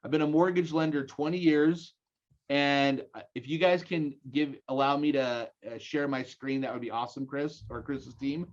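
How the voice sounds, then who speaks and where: A man in his forties with a Utah accent, giving an energetic seminar talk and rallying his listeners with questions. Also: medium pitch, normal speed, lo-fi sound. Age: 40s. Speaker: guest speaker. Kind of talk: live seminar presentation.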